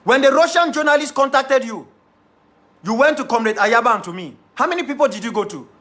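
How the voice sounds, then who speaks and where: A man's voice: very high-pitched, lively intonation, a little fast, sharp tone. A man with a Cameroonian English accent giving a defiant, impassioned monologue to his followers, repeating key phrases for emphasis. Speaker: activist leader addressing followers.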